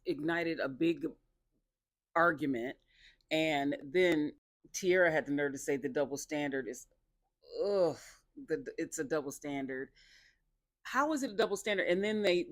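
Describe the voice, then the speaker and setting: A woman casually recapping a dating reality show, talking in an animated, sassy and exasperated way. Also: sits low, dry recording, studio quality.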